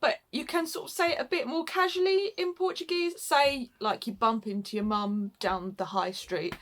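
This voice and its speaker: A woman's voice: sits high, fairly even intonation, moderate pace, a bit bright. A woman from the UK co-hosting a casual Portuguese lesson, chatting loosely with lots of likes and ums. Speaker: co-host teaching Portuguese phrases.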